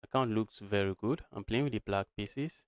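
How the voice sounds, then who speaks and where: A man's voice: on the low side, moderate pace, clear, resonant tone, no echo. A young man from Nigeria streaming live chess, thinking aloud through lines of play and talking to his viewers as guys.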